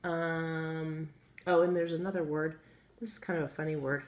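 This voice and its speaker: A woman teaching a phonics lesson to young children, patient and encouraging, sounding out letters slowly. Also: low voice, steady tone. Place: classroom with chalkboard. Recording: echoey room, faint ambient noise.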